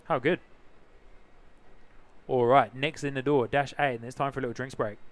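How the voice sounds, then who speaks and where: The speaker is a livestream host and plane spotter with a New Zealand accent, broadcasting casually outdoors near an airport while chatting and saying hello to viewers. His mid-range voice keeps a steady tone at normal speed.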